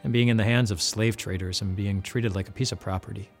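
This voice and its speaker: A man's voice: on the low side, fairly even intonation, quick pace. A man giving a casual devotional Bible talk as host. He speaks conversationally and often restarts and repeats words. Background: faint music.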